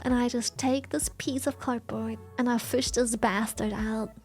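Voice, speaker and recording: A young woman streamer telling a story casually to her chat, swearing freely and often breaking into giggles. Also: high voice.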